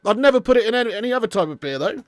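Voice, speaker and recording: A man's voice: very high-pitched, animated, racing, no echo. A man hosting a live football watch-along, chatting casually with viewers and calling them mate and lad. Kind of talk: casual live-stream chat.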